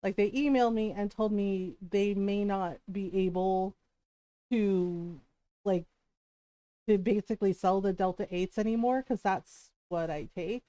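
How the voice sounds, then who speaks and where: A woman's voice: mid-range voice, a little slow, dark tone, no echo. A woman streamer telling a long family story to her live chat, chatty and laughing often.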